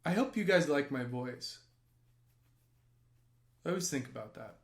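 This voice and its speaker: Excitable man gushing over a movie. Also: medium pitch, a little slow. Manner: excitable, gushing, bursts into yelling. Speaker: actor and writer as guest. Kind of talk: casual watch-along movie commentary.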